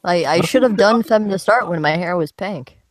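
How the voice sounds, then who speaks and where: A man's voice: sits high, brisk, dry recording. A man hosting a group voice chat online, joking crudely and mocking himself while laughing along. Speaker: streamer host. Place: home, online voice call.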